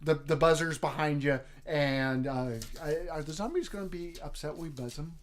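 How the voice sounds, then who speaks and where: A man co-hosting a casual comedy chat, rambling with lots of fillers and restarts. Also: on the high side. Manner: rambling, many fillers and restarts, puts on quick voices. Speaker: podcast co-host.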